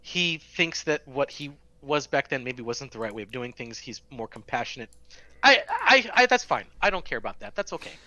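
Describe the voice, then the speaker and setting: A man co-hosting a casual tech podcast remotely, eager and repeating words when excited. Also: mid-range voice, moderate pace. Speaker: podcast co-host.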